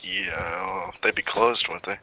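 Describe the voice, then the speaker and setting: Hesitant gravelly male player. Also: on the high side, very animated, measured pace, sharp tone, slight background noise, poor audio. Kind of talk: tabletop role-play chat.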